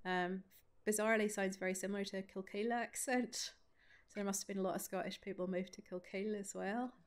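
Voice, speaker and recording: A woman with a Northern Irish Ballymena accent answers audience questions at a study day. She talks in a loose, chatty way, full of asides and little self-deprecating jokes, in a mid-pitched voice. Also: fairly even intonation, brisk. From Northern Ireland. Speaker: invited author speaking at a study day. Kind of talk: conversational Q&A answer.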